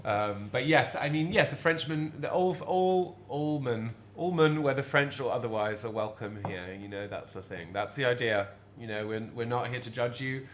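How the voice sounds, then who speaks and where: A man's voice: mid-range voice, normal speed, hardly any pauses, a bit bright, a little hiss or hum. A Quebecois-Canadian man, a pub landlord, talking animatedly in an interview, rambling with fillers and restarts. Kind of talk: conversational interview. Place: bar of an old pub. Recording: roomy pub with background ambience.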